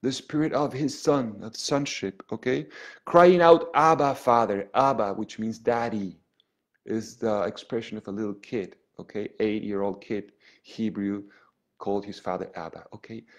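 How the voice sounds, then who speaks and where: A man, a priest, giving an earnest spiritual lesson to an online group. He often restarts his phrases and checks in with "okay?", and he moves between loud emphasis and soft, hushed lines. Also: on the low side, moderate pace.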